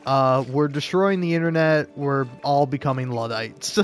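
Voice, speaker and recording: A man's voice: medium pitch, a little slow, faint music behind. A man giving casual gameplay commentary, rambling and swearing a lot, laughing often as he builds into mock outrage. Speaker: gaming video creator.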